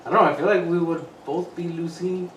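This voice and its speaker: A man's voice: on the high side, fairly even intonation, a little fast, recorded from a distance, muffled recording. A man co-hosting a casual podcast, laid-back and swearing casually. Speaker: podcast co-host. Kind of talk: casual chat. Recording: roomy, off-mic, faint noise.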